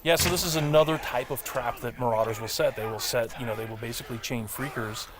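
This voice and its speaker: Fast-talking man explaining a game demo. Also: medium pitch, noisy background. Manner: quick, explanatory, many fillers. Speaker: game developer. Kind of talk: demo walkthrough commentary.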